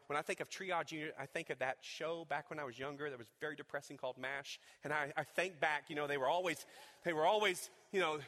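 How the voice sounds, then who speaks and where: Bright-voiced man preaching in a hall. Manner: swings from hushed low talk to loud preaching peaks; repeats and restarts words when fired up. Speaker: pastor. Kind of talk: sermon. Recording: long reverb of a large hall.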